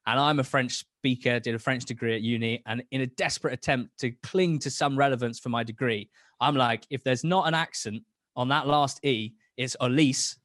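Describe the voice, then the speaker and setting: A man's voice: medium pitch, fairly quick, fairly bright tone, dry recording. Enthusiastic rambling man, dry sound. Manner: enthusiastic, rambling, many restarts. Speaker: football podcast guest. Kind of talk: casual chat.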